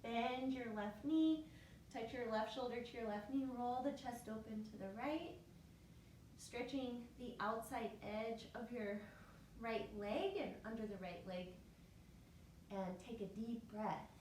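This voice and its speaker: A woman leading a yoga class, giving calm step-by-step cues on each breath, a little out of breath. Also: fairly high pitch, unhurried, slight background noise. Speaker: yoga teacher. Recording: echoey room, mic far off.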